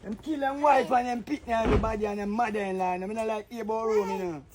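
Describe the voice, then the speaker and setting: Guy, really high voice, loud jokey patois back-and-forth. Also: fairly even intonation, fast, noisy background. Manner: boisterous, jokey, repeats "yeah, man". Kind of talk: comic patois banter.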